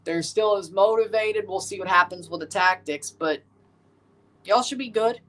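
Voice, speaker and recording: A man's voice: sits high, moderate pace, fairly bright tone. A man streaming casual, opinionated commentary as he watches a football match and talks to his viewers.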